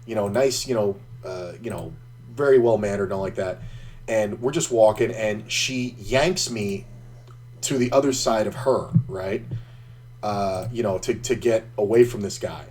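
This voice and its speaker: A man's voice: lowish voice, measured pace, a little mellow, slight background noise. A man streaming an online poker game, casually telling a rambling, profanity-laced story between hands.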